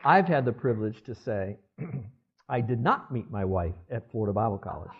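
A man in his sixties preaches to his congregation in a plain, conversational tone, pausing to ask whether they follow him. His voice sits at an ordinary middle pitch. The church recording is dull and lo-fi. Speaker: pastor. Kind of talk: sermon. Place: church service.

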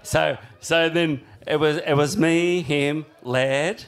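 A man telling a big-wave surf story in casual, swearing talk. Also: takes it slowly. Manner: animated, swearing, shouting out high during the story.

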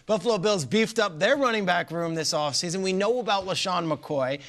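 A man's voice: high voice, moderate pace, a bit bright, a little hiss or hum. A man giving television football analysis in an enthusiastic way, talking up players.

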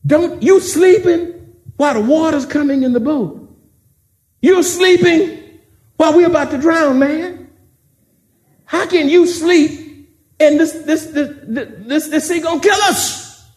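Preacher acting out panicked shouting disciples. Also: male voice, extremely high pitch, a little slow, pauses often, echoey room, pitched above the performer's own voice. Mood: frantic. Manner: shouting, frantic. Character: panicked male disciples in a sinking boat.

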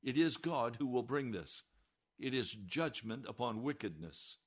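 A man preaching a sermon with passion, dropping to hushed warnings and rising to loud declarations. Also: mid-range voice, expressive, a little slow. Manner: impassioned, swings between hushed warnings and raised declarations.

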